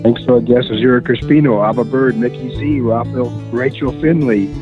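A man's voice: mid-range voice, steady tone, normal speed. Radio co-host guy thanking everyone, sounds like a phone line, music playing under him. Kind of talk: thank-you sign-off.

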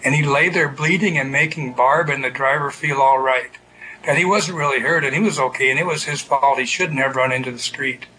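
Bright-voiced male storyteller. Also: medium pitch, a little fast, husky, poor audio. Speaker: narrator. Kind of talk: literary story reading.

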